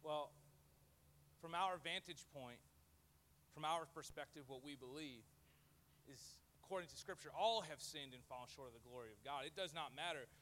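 A man preaching a sermon as pastor to a live church audience, lively and joking, acting out the voices he quotes. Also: on the high side, moderate pace.

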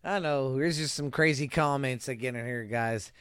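A man's voice: mid-range voice, moderate pace, a bit bright, clear, resonant tone, no echo. A man hosting a casual solo podcast, talking in a loose, profane, rambling way and slipping into a mock tough-guy ad voice. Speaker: podcast host.

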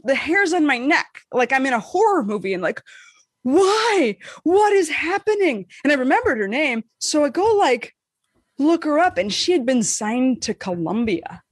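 A woman co-hosting a podcast, telling a story in casual chat, animated and swearing freely, acting out the voices she quotes. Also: sits high, normal speed, no room sound, clean studio sound. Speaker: podcast co-host.

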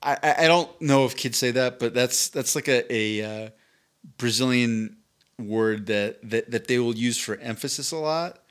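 A man's voice: mid-range voice, normal speed, clear, resonant tone. A man co-hosting a podcast, chatting casually with a self-mocking, lightly profane manner. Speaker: podcast co-host.

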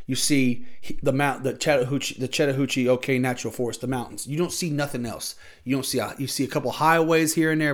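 A young man talking loosely through a movie's plot like he's chatting with friends. He stops and corrects names and details as he goes, at an ordinary middle pitch and an easygoing pace. The delivery stays unscripted and conversational throughout. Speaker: podcast host reviewing a film. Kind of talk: casual spoken film recap.

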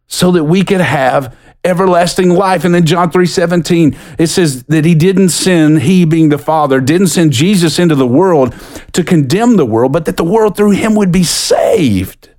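This is a middle-aged American man delivering a sermon as pastor. His voice sits slightly high for a man and carries an earnest conviction. He sinks into quiet, low tones for scripture and climbs when stirred. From United States. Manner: earnest, builds with rising pitch and quickens when excited; drops low and soft for quoted scripture.

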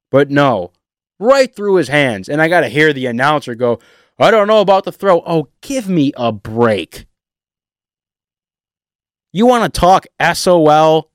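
A man delivering a heated, emotional sports rant to his viewers, animated and sarcastic. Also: fairly high pitch, dry recording, studio quality. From Detroit area. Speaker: sports fan vlogger. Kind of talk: ranting sports commentary.

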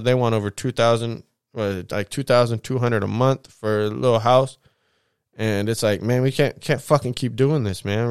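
A man's voice: medium pitch, smooth, no room sound, studio quality. A young American man talking in a rambling, casual monologue, heavy with slang and swearing. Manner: rambling, profane, slangy street talk. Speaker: vlogger.

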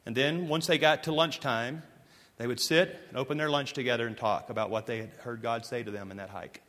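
A man preaching a sermon as pastor, telling stories emphatically and moving between forceful lines and hushed ones. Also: medium pitch, fairly even intonation, fairly quick. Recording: long hall reverb.

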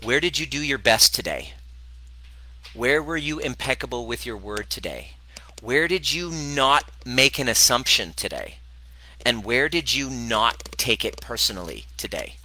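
A middle-aged former chiropractor who now hosts wellness videos answers a viewer's question about parenting, speaking straight to camera. His medium-pitched voice is animated, a little slow, bright and forceful, and the audio is poor. He talks bluntly and passionately, swearing and laughing often.

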